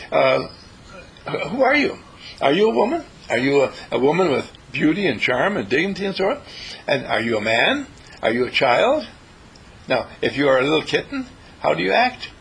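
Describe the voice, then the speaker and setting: A man with a husky voice giving a spiritual talk, playful and questioning, asking his listeners things. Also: very animated, moderate pace, a bit bright, low-quality recording. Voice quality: husky and gravelly. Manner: playful, questioning, with big swoops in pitch.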